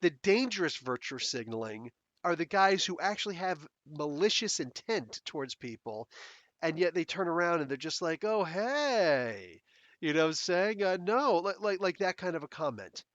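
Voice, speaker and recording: Podcast host, male, slightly high voice, rambling sarcastic chat, dry close-mic sound. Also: expressive, normal speed, a bit bright, no room sound, muffled recording. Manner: rambling, blunt and sarcastic, laughs often. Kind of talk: casual solo podcast chat. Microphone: close desk mic.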